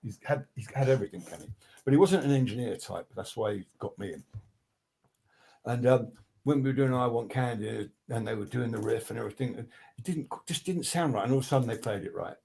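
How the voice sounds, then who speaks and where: A man's voice: mid-range voice, a little fast, vocal fry. An older man, telling studio stories in a rambling, profane, casual way on a video call. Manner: rambling, profane, restarts a lot, animated quoting. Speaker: guest record producer. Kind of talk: casual storytelling interview.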